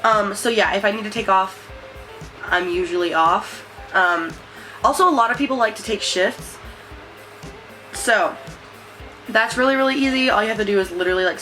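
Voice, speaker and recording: A woman's voice: medium pitch, sharp tone, poor audio. A young woman vlogging in a casual, rambling way, full of fillers and "like". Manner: chatty, rambling, many fillers and likes. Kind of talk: casual chat to camera.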